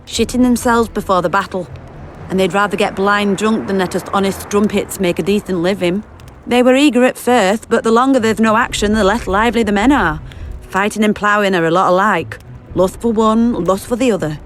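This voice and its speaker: An actress playing a bawdy, blunt camp prostitute in a video game, speaking crudely with a slight lisp. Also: female voice, medium pitch, a little fast, a little hiss or hum, close to an everyday voice. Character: bawdy brash young camp prostitute woman.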